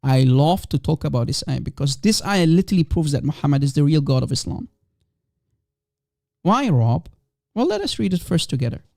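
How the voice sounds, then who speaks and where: A man's voice: fairly high pitch, very animated, brisk, vocal fry, warm tone, no room sound, clean studio sound. A man whose first language is Aramaic hosts a live call-in stream, talking emphatically and repeating rhetorical questions to his audience.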